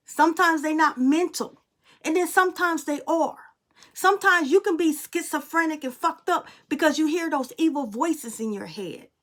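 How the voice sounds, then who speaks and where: A woman reading tarot and telling a spiritual story in a casual, blunt, emphatic way, swearing freely. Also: high voice. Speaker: tarot reader and medium.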